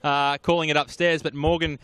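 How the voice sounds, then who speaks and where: A man's voice: on the high side, level tone, fairly bright tone, clean tone, no echo. A man hosting a live athletics broadcast, upbeat, interviewing a guest. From Australia. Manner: upbeat, fast presenter patter. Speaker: sports broadcast host.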